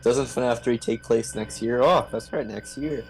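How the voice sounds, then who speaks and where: A man's voice: mid-range voice, measured pace, poor audio. A man streaming a game with a friend, joking and laughing often as he chats. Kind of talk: casual gaming stream chat.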